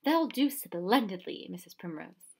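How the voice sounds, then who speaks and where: A woman's voice: mid-range voice, big pitch swings, a little slow, breathy edge, exaggerated voice. A woman voicing an eccentric, enthusiastic old male professor who blusters and exclaims in a storybook reading. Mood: cheerful. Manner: exuberant and blustering.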